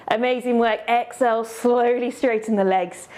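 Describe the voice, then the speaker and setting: A woman's voice: on the high side, moderate pace, a little mellow. A woman teaching a yoga class, cueing poses step by step in an encouraging way and slightly out of breath.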